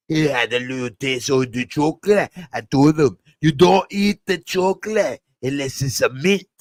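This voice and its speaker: A man's voice: medium pitch, dry recording, natural voice. A boastful older crime boss, scornful and rambling, who takes his time over every word, as a man puts him on in a comic impression. The sound is dry and close to the mic. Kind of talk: comic character impression in a TV review.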